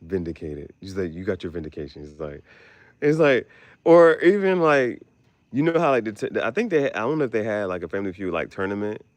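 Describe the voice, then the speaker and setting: A man hosting a casual podcast chat, animated and profane, often jumping into squeaky exclamations. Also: brisk, no room sound. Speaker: podcast host.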